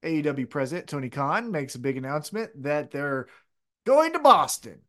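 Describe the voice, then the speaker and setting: This wrestling podcast co-host keeps it casual, rambling and opinionated while talking things through and frequently restarting. His sing-song voice is on the high side and a bit bright, at normal speed.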